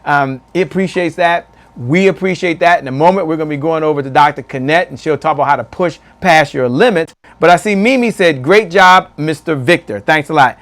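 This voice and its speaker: A man's voice: a little high, a little fast, hardly any pauses, fairly bright tone. A male host of a live online show, talking with hype and energy, repeating phrases and calling people "man" as he reads out viewer comments. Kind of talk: live-stream interview and shout-outs.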